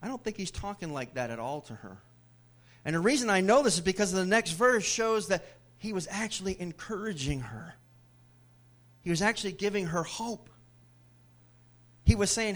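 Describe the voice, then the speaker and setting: Man, pastor, high-pitched, dynamic sermon, loud to hushed. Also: expressive, moderate pace, long pauses. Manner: dynamic preaching, swings from loud to hushed whispers. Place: church.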